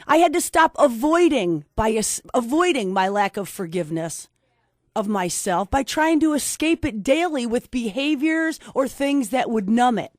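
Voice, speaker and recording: A woman's voice: fairly high pitch, expressive, moderate pace, darkish tone, no echo, studio quality. A middle-aged woman giving an emphatic, preacherly faith-based motivational talk, repeating key phrases. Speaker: host and speaker.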